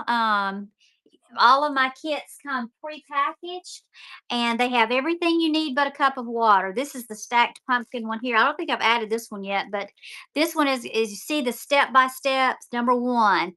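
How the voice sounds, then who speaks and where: Bright chatty Southern woman in her fifties. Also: on the high side. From Mississippi. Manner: talkative, friendly and chatty. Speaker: live-stream art kit seller. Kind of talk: casual live-stream selling chat.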